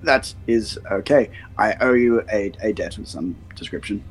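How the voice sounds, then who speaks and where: A man playing a formal, halting clockwork construct. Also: on the low side, breathy edge, faint music behind, voice pushed down. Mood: courteous. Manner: stilted, formal, halting speech. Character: male clockwork construct adventurer with gears.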